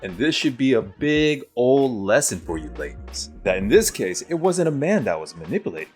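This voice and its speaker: A man's voice: mid-range voice, sing-song, normal speed, few pauses, a little mellow, faint music behind. A man hosting a commentary show, wrapping up with emphatic, lecturing remarks. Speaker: show host. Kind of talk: commentary sign-off.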